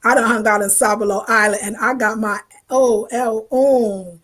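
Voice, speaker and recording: Woman, 50s, livestream host; slangy, animated, a bit high-pitched. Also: normal speed. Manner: animated, chatty, greets viewers in slang. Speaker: lifestyle channel host. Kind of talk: casual livestream chat with viewers.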